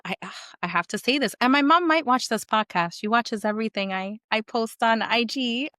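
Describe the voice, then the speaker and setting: A woman's voice: fairly high pitch, normal speed, fairly bright tone, dry recording, studio quality. A woman, a podcast guest from a Puerto Rican family, telling stories in casual conversation, mixing in Spanish phrases and many fillers.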